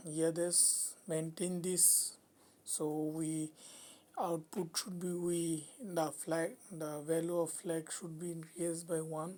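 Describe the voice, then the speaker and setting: The programming tutor's voice stays low and flat throughout her screen-captured coding walkthrough. She moves slowly, hesitating and beginning sentences again and again.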